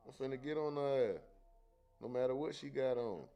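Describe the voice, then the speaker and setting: A man's voice: medium pitch, moderate pace, dark tone. Slangy man hosting a livestream. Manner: slangy, reads chat comments aloud. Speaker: livestream host. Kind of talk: casual livestream chat.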